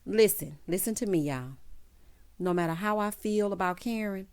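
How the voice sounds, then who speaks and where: A woman's voice: medium pitch, normal speed, darkish tone, clear, resonant tone. Sassy woman recapping a TV show. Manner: sassy, talks straight to viewers, acts out quotes. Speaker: TV recap host. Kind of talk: casual show recap and commentary.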